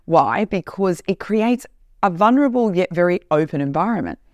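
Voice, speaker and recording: A woman who is a corporate trainer and podcast host, telling a story in an animated, emphatic way in a casual monologue. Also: fairly low pitch, normal speed, dry recording, clean studio sound.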